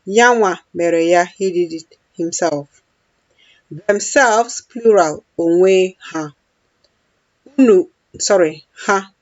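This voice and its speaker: A woman's voice: lowish voice, a little mellow, dry recording, highs cut off. A woman teaching a language lesson, patiently repeating each phrase for practice.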